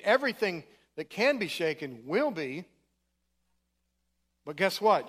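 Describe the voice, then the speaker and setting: A man's voice: high voice, lively intonation, normal speed, a bit bright. A middle-aged man preaching in a church, telling his story in a casual, conversational way. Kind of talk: sermon testimony.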